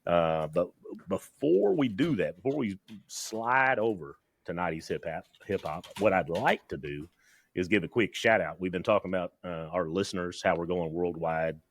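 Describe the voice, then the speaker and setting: A man's voice: deep voice, moderate pace. A man with a Southern US accent co-hosting a casual podcast, telling rambling stories, repeating words and acting out quotes. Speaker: podcast co-host.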